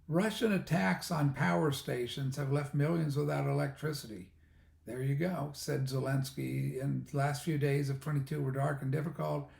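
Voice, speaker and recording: A man's voice: medium pitch, vocal fry, a little mellow. A man giving rambling, sarcastic commentary while reading a news article aloud, often restarting and stammering. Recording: echoey room.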